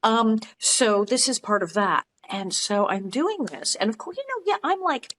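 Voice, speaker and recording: A woman's voice: fairly high pitch, very animated, moderate pace, hardly any pauses, a bit bright. A woman in her sixties co-hosting a podcast, telling a story in casual chat and acting out the lines she quotes. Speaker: podcast co-host. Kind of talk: casual chat recapping a TV episode.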